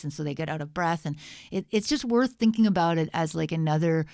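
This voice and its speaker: A woman's voice: low voice, gravelly, darkish tone, dry recording, studio quality. A woman co-hosting a livestream, giving casual, jokey feedback on music with lots of filler words. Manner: chatty and jokey, with many fillers.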